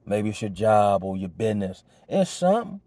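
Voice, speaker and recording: A man talks through life advice in a relaxed, reflective monologue. His voice sits low and mellow and comes across dry and close. He talks in loose slang and keeps checking in with "you know what I mean". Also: moderate pace, no echo. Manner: laid-back, slang-heavy, full of "you know what I'm saying"; reflective and earnest. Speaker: vlogger sharing life advice. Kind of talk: casual motivational monologue.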